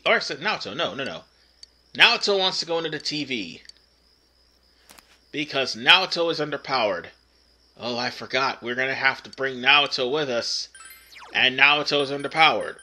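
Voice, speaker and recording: Guy narrating his game playthrough, really bright sharp voice, rambles and corrects himself a lot. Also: a little high. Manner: rambling, self-correcting, with fillers. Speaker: let's play host. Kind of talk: casual gameplay commentary.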